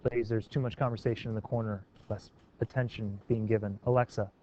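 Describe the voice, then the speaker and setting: A man's voice: fairly low pitch, little pitch movement, fast, warm tone, dull audio, slight background noise. A man teaching a class, calling on students by name and coaxing them to try sentence revisions. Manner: encouraging, questioning students by name.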